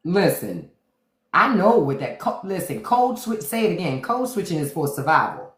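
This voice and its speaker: A woman's voice: fairly low pitch, very animated, moderate pace, roomy sound. Emphatic woman hosting a livestream. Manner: emphatic, repeats "listen" to hold attention; slips in and out of quoted voices to show examples. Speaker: podcast host. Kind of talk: casual livestream commentary.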